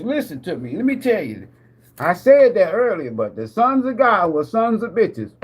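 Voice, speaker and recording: A man hosting a live tarot stream, ranting like a preacher with lots of swearing. He laughs often, asks his viewers questions, and swings between loud bursts and muttered asides. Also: sits high, very animated, normal speed, slightly rough. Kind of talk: profane preacher-style rant.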